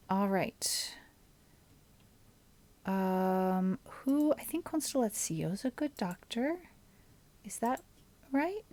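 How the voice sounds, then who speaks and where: Woman streamer, unhurried game commentary, mutters under her breath between remarks. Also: medium pitch, lively intonation. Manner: thinks aloud, often drops to a soft mutter. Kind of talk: casual gameplay commentary.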